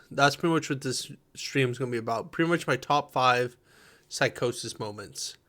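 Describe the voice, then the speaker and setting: A young man tells his own story in a loose, unscripted way. His voice sits a little high for a man, and he keeps circling back with fillers and half-finished words. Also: a bit bright. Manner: rambling, many fillers and restarts. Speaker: streamer sharing personal experiences. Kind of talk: casual personal storytelling.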